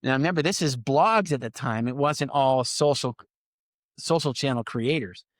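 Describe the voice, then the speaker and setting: Middle-aged male podcast guest, animated raconteur, plays out dialogue, dry recording. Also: medium pitch, moderate pace, no room sound. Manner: animated storyteller, acts out quoted lines. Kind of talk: casual storytelling interview.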